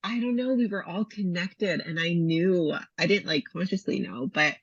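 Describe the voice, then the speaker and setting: A woman's voice: fairly low pitch, normal speed, breathy edge, no echo. A woman retreat host chatting casually and reflectively with a guest. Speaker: retreat host and iboga provider. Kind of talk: casual conversation. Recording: dull lo-fi recording.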